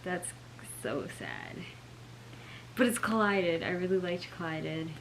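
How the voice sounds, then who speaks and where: A woman's voice: fairly low pitch, sing-song, takes it slowly, creaky, a little hiss or hum, low-quality recording. A young woman filming a casual book unboxing vlog at home, sounding let down, with lots of "like" and "oh my gosh". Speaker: book vlogger.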